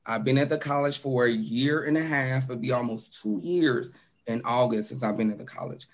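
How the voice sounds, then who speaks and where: A man's voice: mid-range voice, moderate pace. An outgoing man in his forties from Chicago, giving a casual self-introduction to a workshop over a video call from his home. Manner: casual, outgoing, repeats himself. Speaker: career services manager and business instructor.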